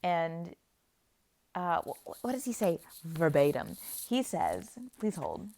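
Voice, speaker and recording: A woman's voice: lowish voice, huge pitch swings, slow, warm tone. A young woman casually recapping a book series, chatty and playful, acting out characters' lines. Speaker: book vlogger.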